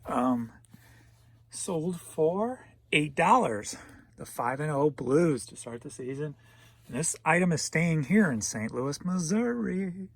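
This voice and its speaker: In a relaxed sales rundown, a man who resells online goes item by item through what sold and where it's going, chuckling now and then. His voice is a little high and expressive, he speaks slowly, and there's no room sound.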